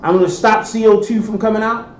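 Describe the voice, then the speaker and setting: In an echoey lecture hall, a male professor talks fast in a high, steady voice. He quizzes students during the lecture and answers his own questions. The audio is dull, with a faint hiss.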